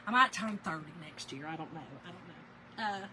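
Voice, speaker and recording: A woman's voice: fairly low pitch, normal speed, heavy background noise. A chatty woman, telling stories to viewers and reading their names aloud during a casual crafting livestream.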